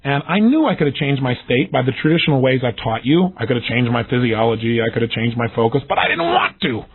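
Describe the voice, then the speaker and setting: A man giving an energetic recorded self-help lesson, acting out the questions he describes in lively voices. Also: mid-range voice, fast, slightly rough. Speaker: motivational speaker. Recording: tinny phone-like audio.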